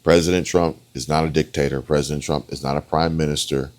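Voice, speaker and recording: A man with an extremely deep, low voice delivers political reaction commentary. He is emphatic and insistent, hammering the same points again and again and calling his viewers folks and guys. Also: fairly even intonation, fast talker, darkish tone.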